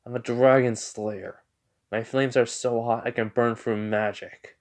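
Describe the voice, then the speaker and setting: A man's voice: mid-range voice, steady tone, measured pace, lightly acted. A man voicing a defiant young male magic knight, boastful and taunting, in a casual fan retelling.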